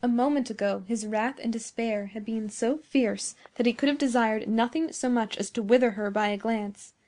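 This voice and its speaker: A woman narrating a nineteenth-century story in a measured storytelling manner. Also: on the high side, darkish tone. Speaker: audiobook narrator. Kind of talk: scripted narration.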